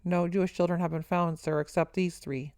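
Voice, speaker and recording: A woman's voice: fairly low pitch, steady tone, brisk, darkish tone, smooth, no room sound, studio quality, natural voice. A woman reading aloud, voicing a menacing adult male soldier who coaxes and barks at children. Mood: barking. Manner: wheedling then barking, mocking.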